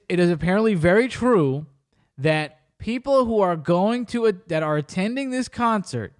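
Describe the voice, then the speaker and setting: Joking man, slightly high voice. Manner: joking storyteller who swears freely. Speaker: podcast host. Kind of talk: casual podcast chat.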